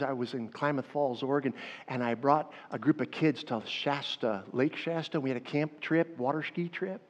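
A man preaching a sermon, dropping to a hush for stories and then rising to loud calls to the congregation. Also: on the high side. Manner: animated, swings between hushed storytelling and loud calls to the crowd. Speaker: pastor. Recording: dull sound with long hall reverb.

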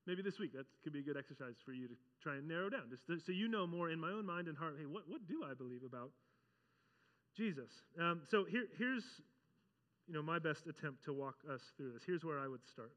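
A man preaching a conversational sermon as pastor, animated and often acting out the voices he quotes. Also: fairly high pitch, a little fast, in a large hall, dull audio.

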